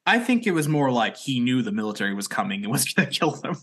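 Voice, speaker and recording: A man in his twenties co-hosts a casual podcast, joking, swearing, and telling stories as he recaps an episode. His mid-range voice is sing-song and fairly bright, delivered at a quick pace.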